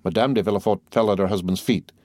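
A man with a low voice narrates a classic novel aloud. He reads in a steady, formal storytelling manner. The recording is dry and close, with no room sound. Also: fast talker, dry recording. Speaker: audiobook reader. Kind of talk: scripted narration.

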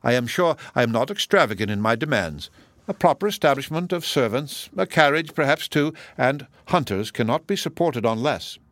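A man's voice: medium pitch, animated, normal speed, no room sound, voice pushed up, natural voice. A man voicing an ardent, earnest young woman in an audiobook reading, speaking with impassioned emphasis.

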